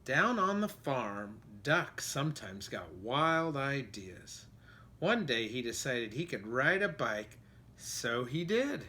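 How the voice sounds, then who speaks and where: Expressive man reading a picture book aloud. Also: medium pitch, slow. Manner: expressive, stops to ask listeners questions. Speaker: storybook reader. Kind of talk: children's storybook read-aloud.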